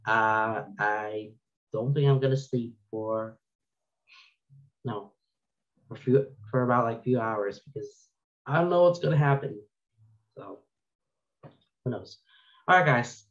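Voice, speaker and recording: A man hosts a reaction video, reading out creepy stories at an unhurried, drawn-out pace. He breaks in with startled exclamations and nervous laughter. The recording sounds slightly dull and lo-fi. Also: medium pitch. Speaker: channel host reading stories.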